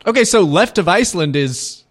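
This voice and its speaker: A man's voice: sits high, expressive, a little fast. A man hosting as a radio DJ, quizzing strangers in a bemused, straight-faced way. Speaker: radio DJ and host. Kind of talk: improvised comedy sketch.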